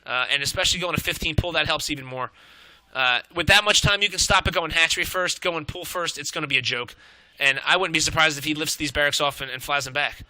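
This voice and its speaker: A young man commentating a strategy game match, excitable and out of breath, swearing and rambling as he calls the play. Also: a little high, quick pace, few pauses, dry recording.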